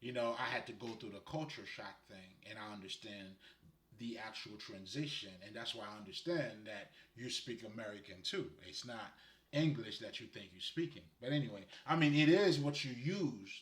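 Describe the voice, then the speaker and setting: A man's voice: fairly low pitch, normal speed. Laid-back man talking in a roomy space. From Haiti. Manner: laid-back, rambling, frequent laughter. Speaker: spiritual guide. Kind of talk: casual spiritual talk. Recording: roomy echo.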